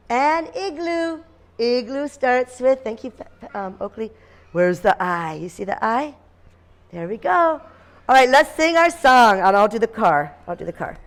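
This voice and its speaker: Teacher chanting letter sounds to children. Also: female voice, on the high side, lively intonation, a little slow. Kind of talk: classroom phonics lesson. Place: classroom with children.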